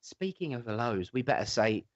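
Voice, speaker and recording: A man's voice: medium pitch, very animated, moderate pace, dull audio. An English man co-hosting a live show, greeting viewers by name in casual chat and calling them "my darling". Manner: friendly, reads out viewer names, calls people "my darling". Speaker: co-host.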